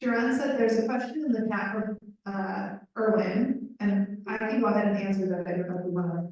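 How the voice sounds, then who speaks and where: A woman voicing a panelist's signing into speech at a live panel, brisk and conversational with fillers. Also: mid-range voice, darkish tone, highs cut off. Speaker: sign language voice interpreter. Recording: echoey room, far from mic.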